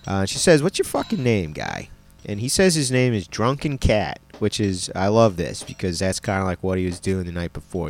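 A man casually recapping a film in a laid-back, slangy and profane way, with lots of fillers. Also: deep voice.

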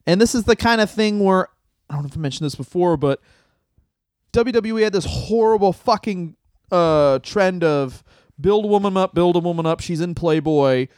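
A man's voice: high-pitched, expressive, normal speed, a little mellow, clean tone, no echo, studio quality. A man co-hosting a comedy podcast, telling stories in a loose, profane way. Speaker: podcast co-host. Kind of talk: casual comedic chat.

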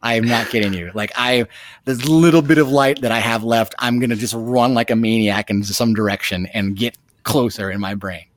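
A man guest telling a dramatic personal story in an animated way, with many restarts. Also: mid-range voice, moderate pace. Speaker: podcast guest. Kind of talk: storytelling anecdote.

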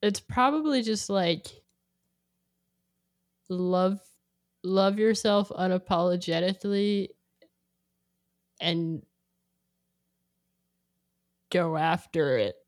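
A young woman talks through her thoughts at a slow, meandering pace, leaning on "like" between every phrase. Her voice sits a touch low and comes across dry and close, with no room around it. She perks up when quoting her own reactions. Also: no echo. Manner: rambling, heavy use of "like", animated when quoting. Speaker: guest sharing a playlist. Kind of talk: casual chat.

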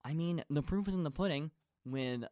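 A man's voice: on the high side, normal speed, warm tone, no echo, clean studio sound. Rambling man gushing over a show. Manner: rambling, gushing, heavy on fillers. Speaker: stage actor guest. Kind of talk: casual chat.

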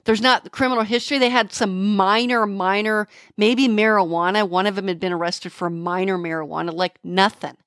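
A middle-aged woman, a homicide detective, telling the story of a case in an interview, halting and emotional, with many restarts. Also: medium pitch, steady tone, a bit bright, no room sound, clean studio sound.

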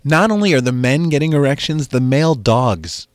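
A man hosting a comedy podcast, telling bawdy stories in a lively, animated way with frequent laughs. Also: medium pitch, normal speed, dry recording. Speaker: podcast host. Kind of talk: casual comedic chat.

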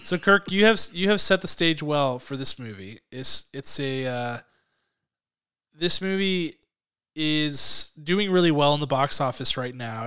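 A man's voice: mid-range voice, sharp tone, clear, resonant tone. A man hosting a casual podcast movie review, enthusiastic and leading the talk. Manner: enthusiastic, leads the discussion. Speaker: podcast host.

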